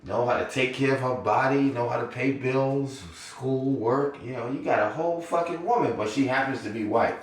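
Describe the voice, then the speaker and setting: Older man, podcast monologue, animated and profane, mid pitch, roomy sound. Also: moderate pace, hardly any pauses. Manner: animated, profane, laughing often. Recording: roomy echo.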